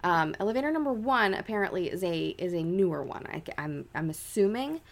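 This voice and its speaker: A young adult woman co-hosting a podcast tells a ghost story in a casual, chatty way. Her voice is low-ish, expressive, brisk and gravelly, and she fills her speech with "like" and dramatic quoted voices.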